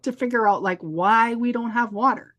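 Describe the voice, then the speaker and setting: A woman with a voice on the high side co-hosts a podcast at a moderate pace. In casual chat she tells a story with animation, acting out the voices of the people in it.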